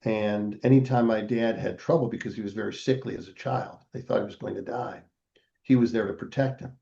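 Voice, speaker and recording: Gravelly-voiced older man telling a story. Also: on the low side, a little fast, muffled recording. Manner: animated storyteller acting out voices. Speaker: podcast guest, chiropractor. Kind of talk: storytelling in a casual interview.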